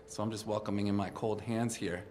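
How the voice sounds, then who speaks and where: A man hosting an interactive children's music session at home, gently encouraging the kids to move along. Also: lowish voice, level tone, a little fast, big-room sound, slight background noise. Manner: upbeat, gentle, encouraging, addresses kids directly. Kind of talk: interactive kids' music session, talking and singing. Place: indoors, streamed at home.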